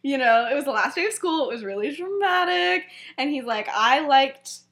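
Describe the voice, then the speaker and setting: A woman's voice: high voice, animated, brisk, a bit bright. A young woman co-hosting a podcast, retelling a story in casual chat, giggling often and acting out quoted lines with lots of fillers. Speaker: podcast co-host.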